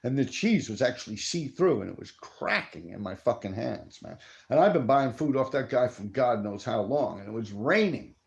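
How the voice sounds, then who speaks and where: Middle-aged New man, gravelly, streetwise, profane live-stream storyteller. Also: mid-range voice, expressive, moderate pace, muffled recording. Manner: profane, streetwise, answers viewer chat. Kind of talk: casual rambling storytelling.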